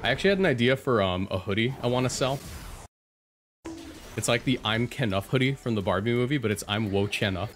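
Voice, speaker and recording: A man giving jokey, excitable live commentary over his own gameplay, talking back at his opponents. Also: mid-range voice, a little fast. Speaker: video game streamer.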